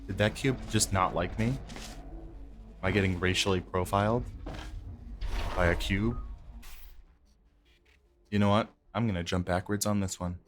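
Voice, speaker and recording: A man with a very low voice narrates his own gameplay, trading sarcastic jokes with the game's characters. His delivery stays casual and wry throughout. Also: steady tone, normal speed, pauses often, faint music behind. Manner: sarcastic, joking. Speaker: gameplay commentator. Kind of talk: let's play commentary.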